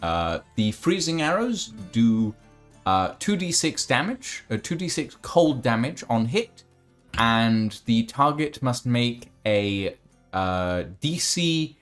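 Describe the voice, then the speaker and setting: Male game master, slow relaxed narration, lively pitch, filler-heavy. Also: faint music behind.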